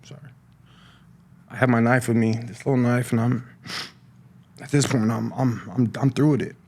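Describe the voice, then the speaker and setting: A middle-aged man giving a personal testimony on a podcast, talking in a halting way with many restarts and repeated words. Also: mid-range voice, steady tone, creaky, a little mellow. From California. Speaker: podcast guest sharing recovery story. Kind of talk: personal testimony, casual talk.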